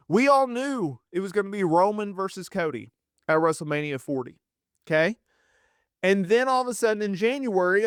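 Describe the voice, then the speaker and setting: A man giving opinionated wrestling news commentary, animated and sarcastic, often acting out quotes in mock voices. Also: on the high side, smooth, no echo, studio quality.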